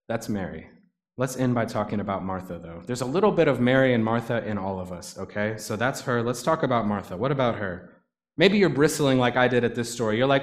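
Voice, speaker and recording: A man preaching a sermon in a conversational way, building to emphatic bursts on his key points. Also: mid-range voice. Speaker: pastor.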